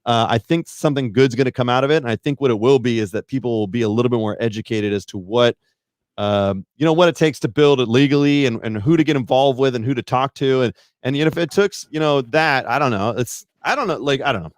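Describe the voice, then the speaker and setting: A man's voice: mid-range voice, fast talker, no echo, clean studio sound. A man, a podcast guest, chatting casually in a rambling, self-deprecating way that hedges a lot. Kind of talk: casual chat.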